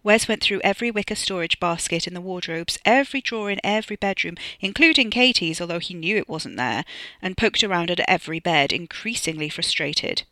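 A woman reading her own serial fiction with expressive storytelling. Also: on the low side, fairly quick, no echo. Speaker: narrator. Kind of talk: scripted fiction narration.

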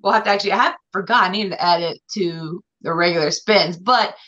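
A woman with a Southern accent, co-hosting a radio show in casual, fast chat and laughing often. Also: fairly low pitch, fairly bright tone, muffled recording.

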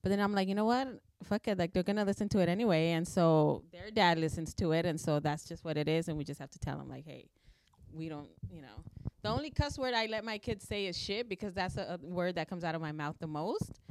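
A woman's voice: lowish voice, lively intonation, brisk, a little mellow, no echo. A woman in her thirties co-hosting a podcast, blunt and often laughing in casual chat. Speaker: podcast co-host.

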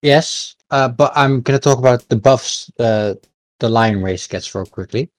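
A man's voice: mid-range voice, measured pace, no echo. A man with a mid-range voice acts as game master, walking his players through the rules of a tabletop game. He hesitates often and fills gaps with fillers. The sound is close and dry. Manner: patient, hesitant with many fillers.

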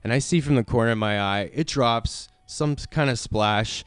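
A man on a podcast, telling casual stories with frequent laughter and shouted quotes. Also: mid-range voice, moderate pace, clear, resonant tone, dry recording, studio quality. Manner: laid-back storyteller, laughs often, shouts when quoting. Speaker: podcast host. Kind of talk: casual chat.

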